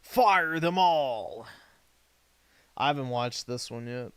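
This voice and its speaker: A man's voice: medium pitch, lively intonation, slow pace, clear, resonant tone, no echo. A man livestreaming, reacting to a video with crude, mocking, sweary casual commentary.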